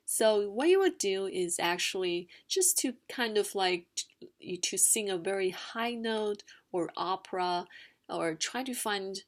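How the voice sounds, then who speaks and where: A woman teaching a casual language lesson at a slow, deliberate pace. She talks in an unhurried way, with fillers and a few sung-out demonstrations. Her voice sits at a middle pitch. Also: animated. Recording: screen-recorded narration.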